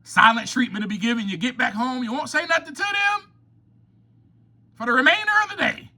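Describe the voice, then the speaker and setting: A man hosting a recovery podcast, delivering an impassioned, preachy monologue that rises to near-shouts. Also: very high-pitched, fairly quick. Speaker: podcast host.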